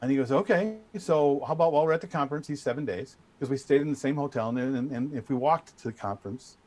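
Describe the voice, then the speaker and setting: A middle-aged man telling a story as a guest in a casual chat, animated and full of restarts. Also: mid-range voice, quick pace. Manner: animated, trash-talking storyteller with many restarts. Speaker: guest speaker.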